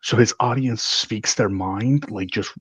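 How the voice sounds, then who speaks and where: A tipsy man joins in casual panel banter, loose and quick to swear. His voice sits low with a husky grain. The sound is dry and close. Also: dry recording.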